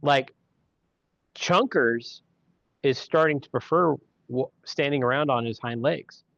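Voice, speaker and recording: A man's voice: mid-range voice, slow pace, gravelly, a bit bright, no room sound. Rambling man, dry lo-fi podcast sound. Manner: rambling storyteller with frequent restarts. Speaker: podcast host. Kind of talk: casual chat.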